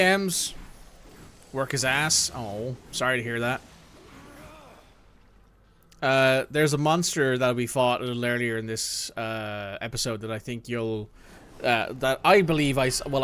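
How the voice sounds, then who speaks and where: A man's voice: mid-range voice, a little slow, fairly bright tone, clean tone. A man in the middle of a let's-play, talking casually over his game. He chats back and forth with a viewer, his voice in an ordinary middle register. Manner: chatty, talks to a viewer while playing. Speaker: gameplay streamer.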